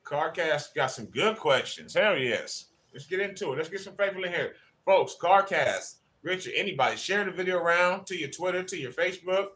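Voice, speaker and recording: Bright, slightly high male host, chatty and friendly with live chat viewers. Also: animated, normal speed. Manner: chatty, greets viewers by name. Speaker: livestream host. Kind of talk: casual livestream chat.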